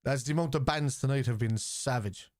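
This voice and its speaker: A brisk, medium-pitched Scouse voice belongs to a man hosting a live football watchalong stream with no echo. He reacts to the match, argues bluntly with chat viewers, swears freely and yells the players' names.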